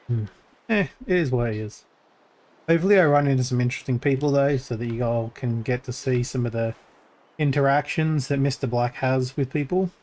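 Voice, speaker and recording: A male game streamer gives casual gameplay commentary, rambling and thinking aloud with many fillers and restarts. He talks fairly quickly in a slightly mellow voice that turns crackly when pushed deep.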